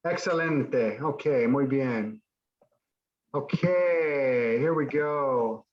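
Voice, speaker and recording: A man's voice: mid-range voice, drawn-out words, reverberant, muffled recording. A man teaching a Spanish class online, encouraging students and often restarting his sentences. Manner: encouraging, repeats and restarts while explaining.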